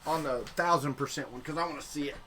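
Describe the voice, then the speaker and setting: A man's voice: a little high, quick pace, noisy background. A man from Florida with a Southern accent, chatting casually on a 3D printing livestream and repeating himself as he works. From Florida, United States. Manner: rambling, repeats words while working. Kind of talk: casual live-stream chat.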